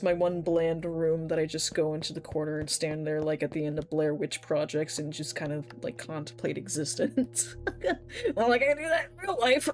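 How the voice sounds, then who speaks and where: A woman chatting casually while livestreaming a video game, swearing freely and reading chat messages aloud. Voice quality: medium-pitched voice she wishes were deeper. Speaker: streamer.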